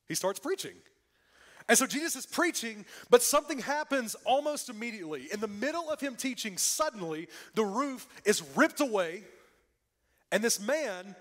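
A man preaching a sermon in a church, swinging from loud emphatic lines to hushed, quiet ones. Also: high voice. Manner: lively preaching with dramatic drops to a hush. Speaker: pastor. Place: church sanctuary.

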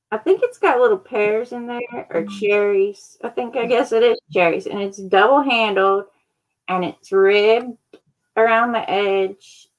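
A woman's voice: on the high side, muffled recording. A woman hosting a live online sale, chatting casually and describing each item in detail. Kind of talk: casual live-stream selling chat.

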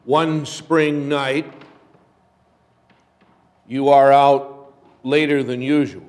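A man preaching a sermon as pastor, telling a story in a slow, measured way. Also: medium pitch. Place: church sanctuary. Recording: long church reverb.

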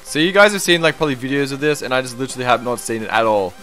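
A young man streaming a game, chatting casually, reading viewer comments aloud and breaking into excited exclamations. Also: medium pitch, very fast, soft background music. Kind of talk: live-stream gameplay commentary.

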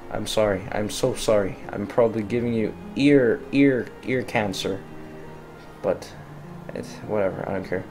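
A man's voice: fairly low pitch, normal speed, a little mellow. A man hosting a let's play, making mumbled, self-mocking asides while he plays. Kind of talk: casual gameplay commentary. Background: faint game music.

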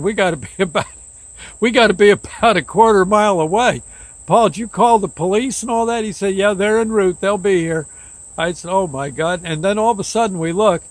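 An older man telling a long story in a halting, rambling way, acting out the dialogue as he goes. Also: high voice, no echo. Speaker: host. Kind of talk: casual storytelling.

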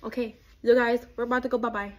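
A woman's voice: fairly high pitch, flat delivery, fast talker, a little mellow. A woman vlogging in casual chat, rambling with fillers, then switching to sing-song baby talk with her little son.

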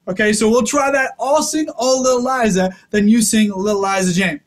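Male music teacher for kids, very high-pitched, upbeat and instructive, speaks straight to the children. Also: fairly even intonation, moderate pace, few pauses. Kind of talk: kids' music lesson.

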